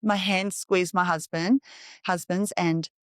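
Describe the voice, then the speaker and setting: A woman in her thirties, guesting on a podcast, tells her story with candid, animated energy. Her voice sits on the lower side and the sound is close and dry, with no room around it. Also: slow, dry recording. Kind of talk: conversational storytelling.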